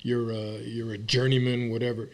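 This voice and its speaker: A man's voice: mid-range voice, moderate pace. A man, a guest actor, talking frankly and with animation in a casual interview. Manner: animated, frank, a bit salty.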